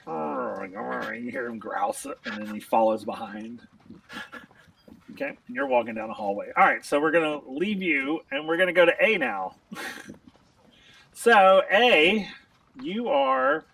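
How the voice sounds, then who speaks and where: A man's voice: fairly high pitch, big pitch swings, a little slow, vocal fry, pauses often, a bit bright, recorded from a distance. A man narrating a tabletop game as game master, chatty and breaking into laughter often.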